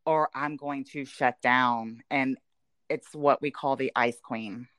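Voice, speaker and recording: A woman with a low voice talks through family matters in a casual podcast chat. She's reflective and loose, with plenty of fillers. The sound is dry and close. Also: steady tone, slow pace, a bit bright, dry recording. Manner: reflective, speaks in southern "y'all", many "you know" fillers. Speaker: podcast co-host.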